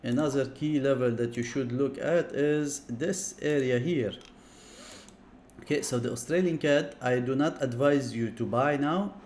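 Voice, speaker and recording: A mid-pitched man talks viewers through his charts on a live stream. He fires off words in repeated bursts and keeps dropping chatty apologies to the audience. A faint hum sits under his voice. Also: unhurried, darkish tone. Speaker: livestream trading analyst.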